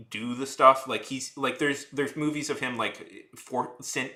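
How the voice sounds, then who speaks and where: Streamer man, 30s, rambling and ranty, sharp bright tone, echoey room. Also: mid-range voice. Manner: rambling, heavy use of "like", restarts and trails off; heated, ranting. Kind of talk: casual rambling chat while drawing.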